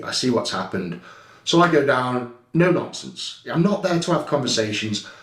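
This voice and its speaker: A man walks through security footage in a blunt, heated tone, swearing without a second thought. His voice sits in the middle of the male range. The recording has a roomy echo around it. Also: mid-range voice. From England. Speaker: guest recounting an incident. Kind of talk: casual storytelling over CCTV footage.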